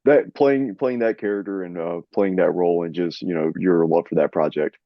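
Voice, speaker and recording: A male interview host asking questions in a halting way with fillers. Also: sits low, no echo, dull audio.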